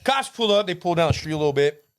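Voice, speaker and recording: A man and tattoo artist telling an animated, profane story in a casual podcast chat, acting out the people in it. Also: fairly high pitch, fast talker. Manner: animated, profane, acts out the people in his stories.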